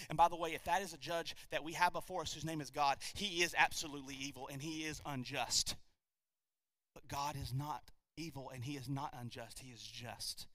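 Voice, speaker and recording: A man's voice: fairly high pitch, pushed and bright, dry recording. A man preaching a sermon emphatically, throwing rhetorical questions at his congregation. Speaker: pastor.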